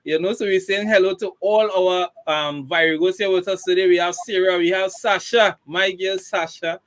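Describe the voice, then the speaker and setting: A man's voice: high voice, fairly even intonation, normal speed, fairly bright tone. A man hosting a casual interview, encouraging his guests with lots of fillers and restarts. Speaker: interview host.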